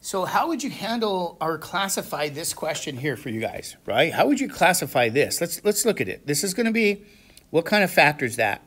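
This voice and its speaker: A man lectures a classroom of students in a lively, expressive voice that swings widely in pitch. He keeps throwing questions at the class to make sure they are with him, and breaks into sudden exclamations. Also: normal speed, breathy edge. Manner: asks the class frequent questions, checking understanding. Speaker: math instructor.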